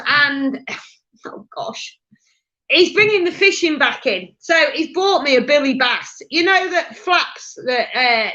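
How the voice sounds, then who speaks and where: A woman with a high voice relays messages as a medium, chatty and halting, full of fillers and restarts. Her tone is bright and sharp. The sound is dull and lo-fi, like a livestream. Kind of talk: live mediumship reading.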